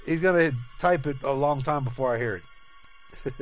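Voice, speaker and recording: This gaming streamer talks at a normal speed in a medium-pitched voice, rambling, joking, and cursing casually with his viewers over faint background music.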